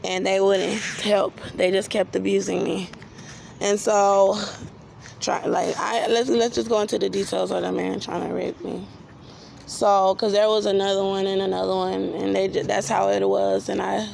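Woman narrator with a gravelly, fry-heavy voice and flat intonation; rambling monologue, faint noise behind. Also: mid-range voice, moderate pace. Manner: rambling, repeats herself, many restarts. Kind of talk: personal storytelling monologue.

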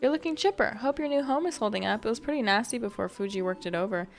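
A woman reading a brisk, teasing villager who shows a newcomer around in a cozy game. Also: a little high, expressive, creaky, soft background music.

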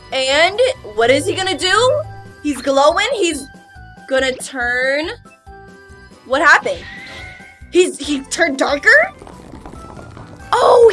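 A woman hosting a casual reaction video, animated and exclamatory, laughing often. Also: sits high.

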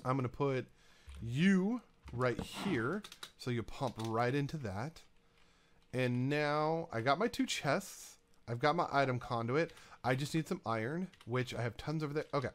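A man's voice: mid-range voice, moderate pace, fairly bright tone. Rambling man narrating his gameplay. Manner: talks to himself and game items, rambling. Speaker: gaming YouTuber. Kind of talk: casual let's-play commentary.

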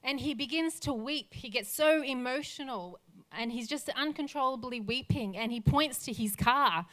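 A woman's voice: high voice, moderate pace, a bit bright. A woman pastor preaching a sermon in an earnest voice, building lists of phrases toward a rousing close. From Australia.

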